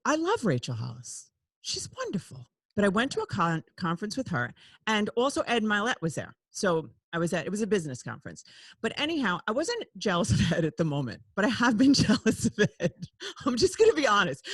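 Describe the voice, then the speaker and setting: A woman hosting a podcast, talking candidly and confessing things, laughing often and swinging between loud outbursts and hushed asides. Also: medium pitch, huge pitch swings, fairly quick, husky, dry recording. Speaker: podcast host.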